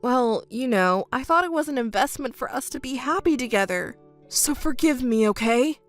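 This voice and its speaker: A woman's voice: high voice, animated, normal speed, faint music behind. A woman voicing a sheepish, deceitful young male ex-boyfriend in a scripted text story. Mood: pleading. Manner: pleading, evasive.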